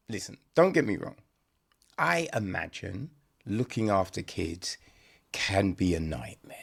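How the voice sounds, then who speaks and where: On a podcast, a man with a gravelly, mid-range, fairly bright voice reviews a film in casual, rambling chat. He's blunt, swears now and then, and keeps dropping in "right?" and "you know."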